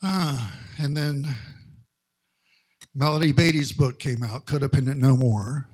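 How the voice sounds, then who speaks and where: Slow, husky-voiced man preaching. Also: mid-range voice, a little mellow. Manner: slow, conversational storytelling with wry humor. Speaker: minister. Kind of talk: sermon with personal stories.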